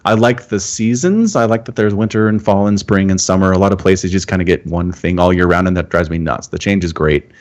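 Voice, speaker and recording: A man from Utah, a guest on a casual live-stream chat, explaining things in a relaxed, storytelling way. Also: low-pitched, a little fast, few pauses. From Utah, USA. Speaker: podcast guest.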